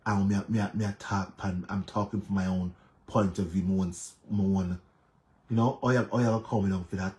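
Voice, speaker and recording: Man, Jamaican accent, lowish voice, emphatic, repeats himself, casual online commentary. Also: steady tone, normal speed, darkish tone. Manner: emphatic, repetitive, mixing patois and English. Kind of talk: casual commentary on social media drama.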